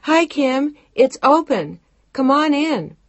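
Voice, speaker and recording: A woman voicing a young, pregnant, independent woman in an audiobook, with a playful, bright way of talking. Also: on the low side, animated, normal speed, husky, no echo, lo-fi sound. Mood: calling out.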